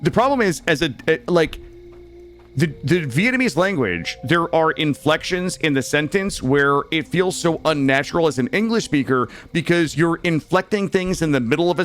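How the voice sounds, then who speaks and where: A man's voice: fairly high pitch, fairly bright tone. An American man with a cold, chatting casually with viewers while streaming a game, rambling and restarting his sentences. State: has a cold. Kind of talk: casual gaming stream chat.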